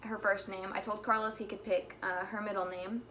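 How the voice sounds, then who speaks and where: This young vlogger talks at normal speed with a medium-pitched, flat, pushed and bright voice, against slight background noise. Somewhat out of breath, she rambles chattily, leaning on "like" and "you know."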